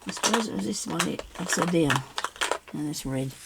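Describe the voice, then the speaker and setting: A woman's voice: deep voice, moderate pace, creaky, very noisy. Chatty older woman crafting. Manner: chatty, talks to herself, laughs often. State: seated, busy cutting and inking. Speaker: crafter hosting a journal video. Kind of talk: casual crafting chat. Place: home craft table.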